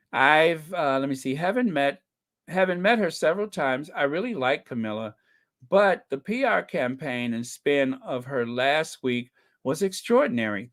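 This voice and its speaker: A man hosting an online channel, chatting casually and reading out viewer comments with opinionated, mocking asides. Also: mid-range voice. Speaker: channel host.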